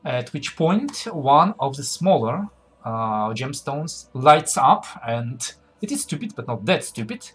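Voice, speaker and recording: A man's voice: mid-range voice, sing-song, slow pace, a bit bright, breathy edge. A man narrating as game master in a casual tabletop game session, talking loosely with fillers as he thinks aloud.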